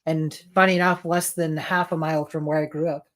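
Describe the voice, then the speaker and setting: A man's voice: a little high, level tone, a little fast, a bit bright. A man co-hosting a livestream, chatting casually in a laid-back way with dry quips. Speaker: co-host of a livestream.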